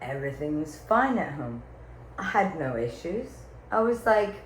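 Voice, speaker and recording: A woman's voice: sits low, sing-song, normal speed. A woman venting to her viewers in a comedic, rambling monologue, theatrical and full of swearing and filler words. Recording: echoey room with faint ambience.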